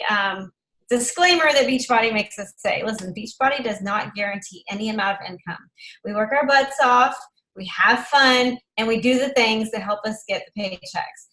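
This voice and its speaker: A woman's voice: fairly high pitch, fairly bright tone, low-quality recording. Emphatic woman leading a team call. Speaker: team leader hosting the call. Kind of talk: casual presentation on a group call.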